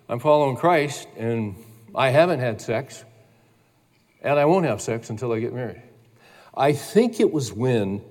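Man preaching a sermon in a reverberant hall. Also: medium pitch. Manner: storytelling, animated when quoting others. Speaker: pastor.

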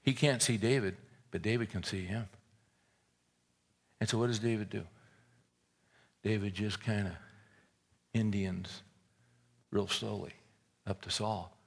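A man's voice: lowish voice, fairly even intonation, measured pace, pauses often, slightly rough. A man preaching a sermon, retelling a scripture story in a folksy, joking way and often repeating words as he restarts a thought.

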